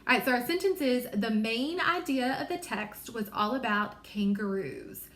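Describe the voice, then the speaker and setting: A woman reading teacher leading a small-group phonics lesson, sounding out letters slowly and carefully, encouraging and apologetic. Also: a little high, a bit bright, echoey room.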